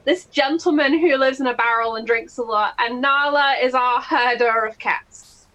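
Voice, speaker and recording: A woman tabletop game player chatting in an upbeat, quick way. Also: sits high, a bit bright. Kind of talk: casual chat about a tabletop game.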